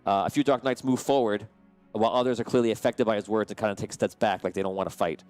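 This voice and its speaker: A man's voice: on the low side, fairly even intonation, fast, darkish tone, smooth, soft background music. A man narrating as game master of a tabletop game, describing the action casually with frequent fillers and restarts.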